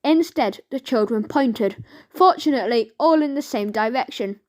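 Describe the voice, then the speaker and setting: A woman narrating a children's audiobook in a lively way, acting out the sound effects. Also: fairly high pitch, normal speed. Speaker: audiobook reader.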